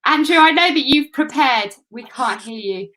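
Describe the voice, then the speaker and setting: A woman's voice: high voice, animated, normal speed, pushed and bright. A woman hosting a live video call, reading out tributes and keeping things moving.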